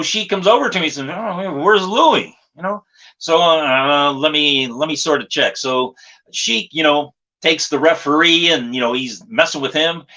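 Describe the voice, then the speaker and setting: A man, a former wrestling manager, telling a lively backstage story in an interview and often saying "you know". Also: a little high, poor audio.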